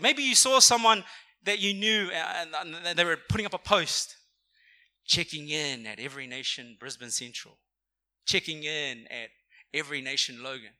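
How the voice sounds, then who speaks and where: A young man preaching a sermon in a church, talking conversationally and calling on the congregation to respond. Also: sits high. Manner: energetic, conversational, calls for audience response. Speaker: pastor. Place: church auditorium.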